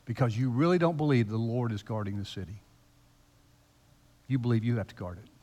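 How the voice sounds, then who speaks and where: A male pastor giving a conversational, teasing sermon in a church, his voice swinging between loud emphasis and hushed asides. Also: medium pitch, a little fast. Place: church sanctuary. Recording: long reverb of a large hall.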